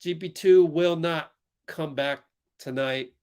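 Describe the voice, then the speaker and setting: A man's voice: a little high, takes it slowly, a little mellow, clear, resonant tone. A young man hosting a live basketball watch-along stream, talking in a heated, exasperated way with frequent laughs and sighs. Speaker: livestream host.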